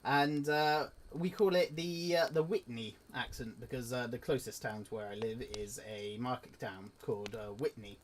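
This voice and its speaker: A young Englishman with an Oxfordshire accent and a faint country twang answers viewer questions as a relaxed vlog host. His speech is loose and chatty, full of "uh" and quick restarts. His voice sits at an average pitch for a man. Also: a little hiss or hum. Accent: Oxfordshire with a slight country twang. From England. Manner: chatty, lots of "uh" and self-interrupting restarts. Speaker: YouTuber. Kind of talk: casual Q and A to camera.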